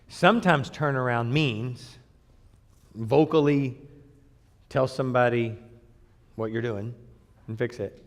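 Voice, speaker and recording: A man preaching a sermon in a blunt, emphatic way, swinging between loud bursts and quiet asides. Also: mid-range voice, takes it slowly, pauses often, in a large hall. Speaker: pastor.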